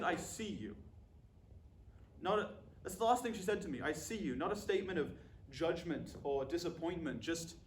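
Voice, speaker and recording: A man with a high voice delivers a scripted comic monologue, dry and deadpan throughout. The sound is roomy and echoey, with faint ambient noise underneath.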